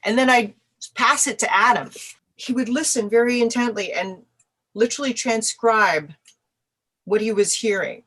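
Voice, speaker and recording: A middle-aged woman from Canada talks through her memories in a relaxed interview. She tells stories with energy, slipping into little acted-out voices for the people she quotes. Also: fairly high pitch, unhurried, pauses often, slightly rough. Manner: animated storyteller, acts out quoted voices. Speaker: musician guest. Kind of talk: casual interview answers.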